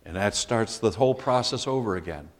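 A man's voice: on the low side, animated, a little fast. A man teaching a Bible class in a conversational way, asking the group questions as he explains scripture.

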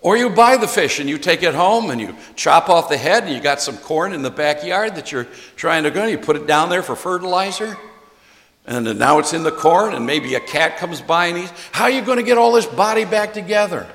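A man preaching a sermon as pastor, emphatic and folksy, shifting between loud stresses and soft asides to his congregation. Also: a little high, expressive, fairly quick, in a large hall.

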